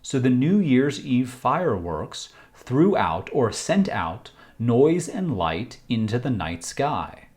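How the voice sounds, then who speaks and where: Man, American accent, vocabulary lesson, very slow pace, lively pitch, deliberate, walking outdoors on a trail. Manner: slow, deliberate explanations with example sentences. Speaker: English teacher.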